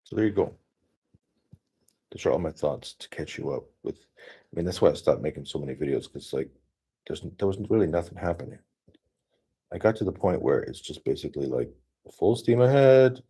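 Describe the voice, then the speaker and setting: Guiding viewers through a casual screen share, this solo streamer thinks out loud in a low, dark voice with a mellow, slightly husky tone. His speech is brisk with lively intonation and frequent pauses, and it wanders with plenty of fillers and restarts.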